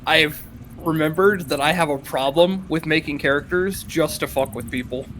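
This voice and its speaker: A man's voice: a little high, normal speed, fairly bright tone, a little hiss or hum. A young man chatting among tabletop players, joking and talking in bursts. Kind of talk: casual chat among players.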